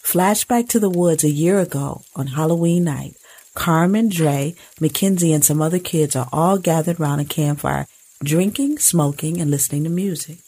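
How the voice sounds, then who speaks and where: A woman narrates a scripted drama in a low voice with a husky edge. Her delivery is measured and descriptive. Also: dark tone.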